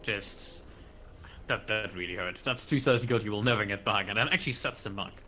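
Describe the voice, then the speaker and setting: Bright, chatty male esports analyst. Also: fairly low pitch, slight background noise. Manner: chatty, analytical, quick asides. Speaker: esports co-commentator. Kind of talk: color commentary.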